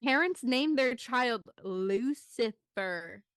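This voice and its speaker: A young woman in her twenties co-hosting a podcast. She tells a story in a loose, chatty way, full of "like"s, and acts out the children's voices with big jumps in pitch. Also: animated, slow pace, fairly bright tone, smooth, dry recording, studio quality. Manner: loose, chatty telling with many "like"s. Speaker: podcast co-host. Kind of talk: casual storytelling chat.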